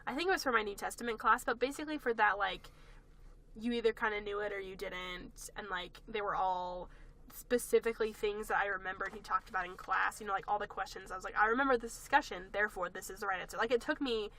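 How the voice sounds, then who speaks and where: A young woman co-hosts a podcast, chatting casually at a fast pace in a medium-pitched voice. She sounds a bit congested from a recent cold. Chatty and animated, she tells stories packed with "like" and acted-out asides.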